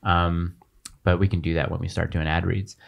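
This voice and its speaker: A man hosting a podcast, chatting in an animated, rambling way that keeps wandering off topic. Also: low voice, normal speed, creaky. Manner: animated, rambling, easily sidetracked. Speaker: podcast host. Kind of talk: casual chat.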